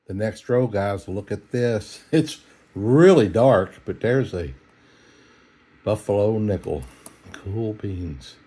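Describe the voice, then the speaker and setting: A tired middle-aged man yawns as he hunts through coin rolls late at night at home, narrating casually in an easygoing, folksy way. His voice is fairly low, husky and warm, slow and expressive.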